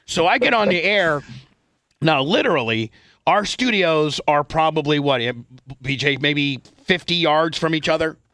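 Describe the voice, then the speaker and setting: A man's voice: on the high side, expressive, moderate pace, sharp tone, dry recording. A middle-aged male radio host telling an old story in casual, profane chat and acting out the quotes.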